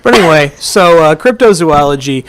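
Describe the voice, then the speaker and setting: Man, radio host, excitable, jokey, self-interrupting, campus studio. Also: on the high side, moderate pace. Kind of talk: casual college radio chat.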